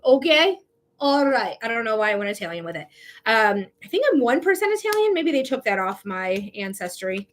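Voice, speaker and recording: A young woman does a live-stream tarot reading, speaking straight to her viewers in a chatty, casual way, swearing freely and laughing often. Her medium-pitched voice is very animated and fairly quick, with slight background noise.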